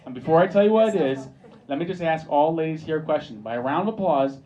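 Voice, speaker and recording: A man's voice: a little high, animated, fast, dark tone, muffled recording. A man performing stand-up comedy on a pub stage, playfully teasing the audience.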